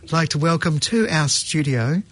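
A man's voice: a little high, lively intonation, moderate pace, a bit bright. A man with a New Zealand accent hosting a radio arts show in a studio, chatty and self-mocking. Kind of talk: casual radio chat.

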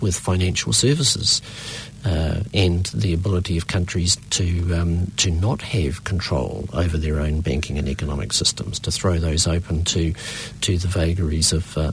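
Deep-voiced New man, halting. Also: slight background noise. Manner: measured, halting, many ums and uhs. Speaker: political party leader, guest. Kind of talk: radio interview answers.

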